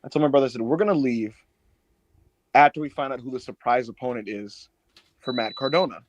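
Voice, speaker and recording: A man co-hosting a casual wrestling podcast, telling a long story with lots of swearing and high mock voices for the people in it. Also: fairly quick, no echo, muffled recording. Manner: animated storyteller, swears a lot, acts out others in high put-on voices. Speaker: podcast co-host.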